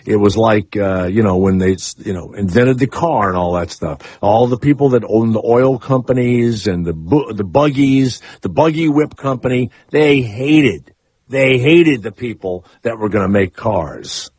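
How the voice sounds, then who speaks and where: On a studio mic with a dry sound, this radio host rambles through sarcastic comic monologues and call-in chat, jumping high in pitch to stress a point. He speaks at a measured pace with lively intonation and a husky, darkish tone.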